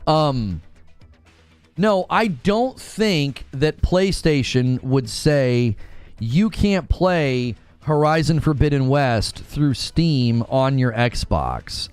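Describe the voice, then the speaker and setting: A man with a clean-toned, mid-range voice hosts a live gaming news stream. He keeps it casual, talking to chat, reading their messages out, and thanking donors with excitement.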